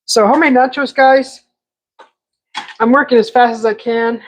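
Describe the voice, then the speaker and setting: A woman's voice: fairly high pitch, steady tone, normal speed, rough recording. A woman hosting a live cooking stream from her home kitchen, chatting casually and talking to the food as she works. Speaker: cooking show host.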